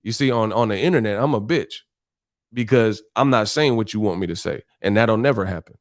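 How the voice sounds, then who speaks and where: A man's voice: fairly low pitch, a little fast. A man hosting a boxing live stream, ranting bluntly and combatively with heavy cursing. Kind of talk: casual live-stream rant.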